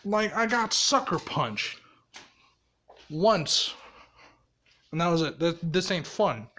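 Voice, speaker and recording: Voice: mid-range voice, expressive, slow pace, pushed and bright, full character voice. A storyteller voicing a grumpy, bored young hero who complains and swears. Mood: grumbling.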